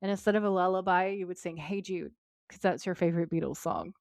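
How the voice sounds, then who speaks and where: A woman co-hosting a podcast, retelling a TV episode with lively quoted lines in casual chat. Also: fairly low pitch, fast talker, gravelly, dry recording, studio quality. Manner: lively retelling, quoting characters in her own voice. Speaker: podcast co-host.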